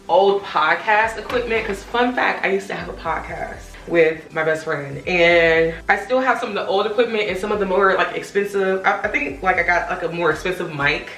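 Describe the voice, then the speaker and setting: A woman's voice: medium pitch, reverberant. A woman chatting casually to her viewers while decluttering her home office, rambling and filling her talk with "like". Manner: chatty, rambling, heavy use of "like", addresses viewers directly. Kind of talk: casual vlog chat to camera.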